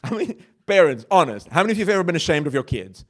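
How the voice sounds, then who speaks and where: A man preaches in a lively, animated voice that swings up and down, a little higher than most men. He talks in a conversational way, asking the congregation questions and poking fun at himself. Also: fast. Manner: conversational, with self-mocking laughs. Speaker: pastor. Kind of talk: sermon.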